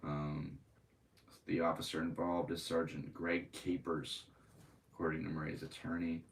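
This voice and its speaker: Low-voiced man ranting over the news. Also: flat delivery, a little slow, creaky, recorded from a distance, rough recording. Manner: profane, angry outbursts between news reading. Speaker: podcast host. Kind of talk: casual commentary reading news.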